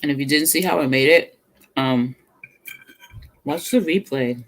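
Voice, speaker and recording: Speaking a little slowly in a mid-range voice, a middle-aged cooking vlogger talks between bites while eating on a livestream. The chat is casual, with stories, frequent laughter, and murmurs over the food.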